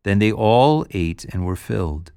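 Male scripture reader, gravelly, very dry close sound, solemn measured delivery. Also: lowish voice, expressive, dark tone, no echo. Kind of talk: scripture reading.

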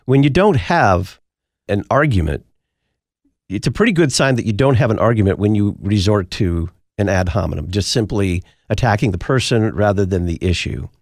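A man's voice: fairly low pitch, animated, moderate pace, no room sound, clean studio sound. A man hosting a talk radio show, answering listener mail in an emphatic, preacherly way.

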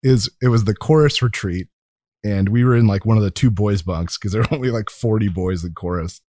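A man's voice: on the low side, a little fast, warm tone, no room sound. A man co-hosting a podcast in casual chat, telling rambling anecdotes full of self-corrections. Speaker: podcast co-host.

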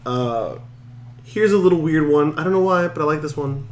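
A man co-hosting a casual wrestling chat, playful, reacting quickly with mock exasperation. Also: a little high. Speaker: podcast co-host.

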